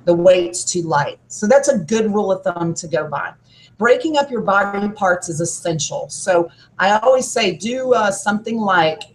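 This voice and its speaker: A woman's voice: medium pitch, rough recording. A woman who works as a gym trainer, a podcast guest giving upbeat, coach-like workout advice.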